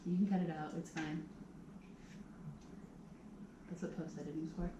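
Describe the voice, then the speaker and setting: Guy with a higher voice, lots of um and like, roomy sound, off mic. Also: level tone, normal speed, mellow. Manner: hesitant, filler-heavy. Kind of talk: casual chat. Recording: roomy, distant mic, faint hiss.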